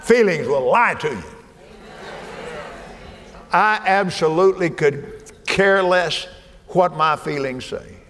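An older man preaching a sermon in a folksy way, dropping to soft murmurs and rising to shouts. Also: mid-range voice. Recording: hall reverb, faint ambience.

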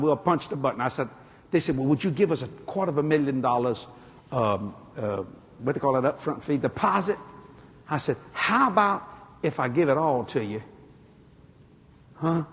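A male preacher giving a sermon, telling stories with acted-out dialogue and breaking into shouts. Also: medium pitch, big-room sound, slight background noise. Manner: animated storytelling, acting out dialogue, jumping to shouts.

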